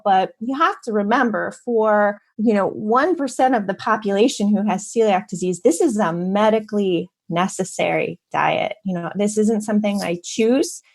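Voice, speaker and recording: A woman talking on a podcast interview, her voice carrying a slightly gravelly, fry-touched texture. She explains things steadily and in detail, at a medium pitch. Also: a little mellow. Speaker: author guest.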